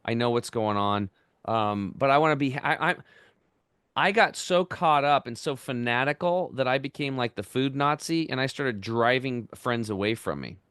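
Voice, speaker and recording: A man in his fifties, a podcast guest, telling his story in an energetic, animated way. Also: medium pitch, moderate pace, clear, resonant tone, dry recording, studio quality. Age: 50s. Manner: energetic, animated, acts out quoted voices. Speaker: podcast guest, health entrepreneur. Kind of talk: casual storytelling interview.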